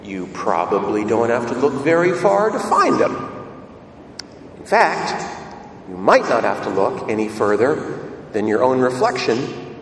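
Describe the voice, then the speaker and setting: A man preaching a sermon, telling a story in a lively way and asking his listeners questions. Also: medium pitch, a little slow, long pauses, a little hiss or hum. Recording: echoey hall, mic at a distance, faint ambience.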